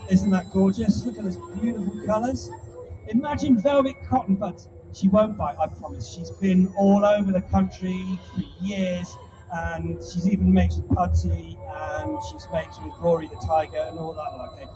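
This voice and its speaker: Male live-show presenter, high voice, playful crowd patter, off-mic and dull with music behind. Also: fairly even intonation, moderate pace, distant mic. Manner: chatty, teasing, playful showman. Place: live indoor show with audience.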